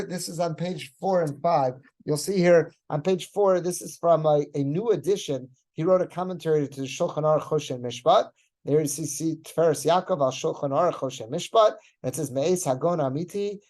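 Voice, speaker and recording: A man's voice: a little high, darkish tone. A man, a rabbi, giving a Torah class who reads Hebrew phrases and then explains each one in casual English. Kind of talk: Torah class, reading and translating a text.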